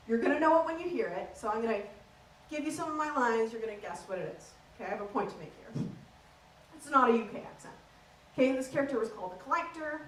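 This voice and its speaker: A woman's voice: fairly high pitch, roomy sound, a little hiss or hum. A young woman performing a stand-up comedy set on a theater stage, chatty and playful, heard from a distant mic.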